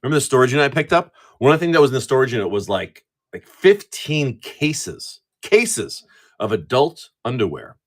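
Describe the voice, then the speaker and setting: A man's voice: mid-range voice, big pitch swings, normal speed. A middle-aged man chatting casually and profanely on a card-opening live stream, rambling and laughing easily. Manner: rambling with frequent restarts.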